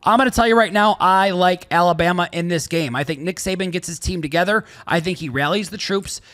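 A man with a high-pitched voice co-hosts a casual sports betting chat. He is loud and excitable, jokes around, and sometimes breaks into shouting as he argues his picks. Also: a little fast. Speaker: sports betting podcast co-host.

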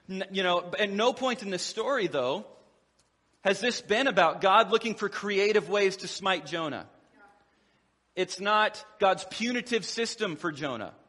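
A middle-aged male pastor delivers a sermon in a relaxed, joking, conversational way. His voice sits high and sounds bright and forward. The hall gives it a long, lingering reverb. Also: normal speed. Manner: conversational preaching with humor and acted quotes.

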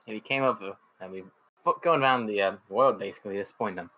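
A man playing in a tabletop game, talking in a hesitant, halting way. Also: on the low side, bright, forceful tone, low-quality recording. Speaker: player. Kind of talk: casual in-character play.

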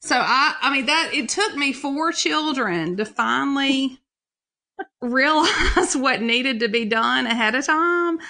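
Bright-voiced mom telling stories. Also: female voice, high voice, takes it slowly. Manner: animated storyteller, laughs often. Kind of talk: casual chat.

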